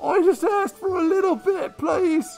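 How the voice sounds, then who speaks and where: A man voicing a whiny drunk man pinned under a tavern table, pleading in a high voice. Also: unhurried, creaky, a little mellow, soft background music, heavily acted. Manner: whining, pleading.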